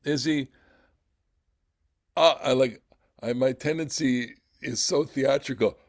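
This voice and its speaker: A man leading a text study class, reading aloud and commenting in a theatrical way with many halting restarts. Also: mid-range voice, no room sound, clean studio sound. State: emotional, voice catching. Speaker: Torah class teacher.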